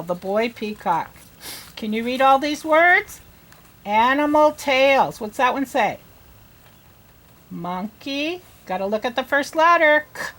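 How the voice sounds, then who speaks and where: Slow, high-voiced woman reading teacher. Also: fairly bright tone. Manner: slow, sounding out letters and words; encouraging, asks children questions. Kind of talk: early reading lesson.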